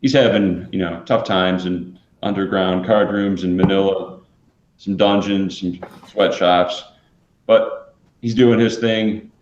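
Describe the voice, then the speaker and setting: Deep-voiced man, echoey lo-fi stream. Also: steady tone, slow pace, darkish tone, a little hiss or hum. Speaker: live stream host. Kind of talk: casual live stream chat. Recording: echoey, dull lo-fi stream audio.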